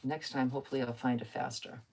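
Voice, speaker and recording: A woman's voice: a bass voice, little pitch movement, fast, creaky, darkish tone, a little hiss or hum. An older woman chatting casually while crafting on a live stream, talking to herself and answering viewer comments.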